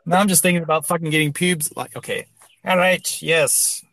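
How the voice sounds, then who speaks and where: A man's voice: fairly high pitch, fairly even intonation, moderate pace, fairly bright tone. A young man hosting a podcast, chatting casually and crudely, laughing and swearing freely. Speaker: podcast host.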